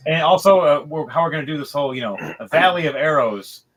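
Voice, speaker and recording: A man running a tabletop game as dungeon master, talking in a somewhat high, bright voice. He rambles, curses freely and tells the action with energy. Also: fast talker. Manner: animated, profane, rambling.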